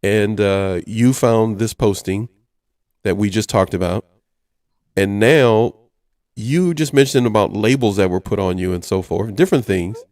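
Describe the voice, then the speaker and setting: Man, low voice, talk show host, chatty, reads items aloud, dry recording. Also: unhurried, a little mellow, dry recording. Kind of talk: casual radio talk show.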